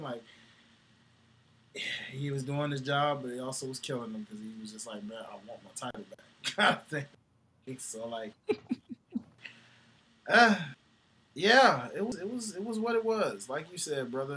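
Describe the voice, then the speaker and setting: A man co-hosting a casual wrestling talk show, animated and slangy, laughing often. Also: fairly high pitch, normal speed, a little hiss or hum. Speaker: podcast co-host.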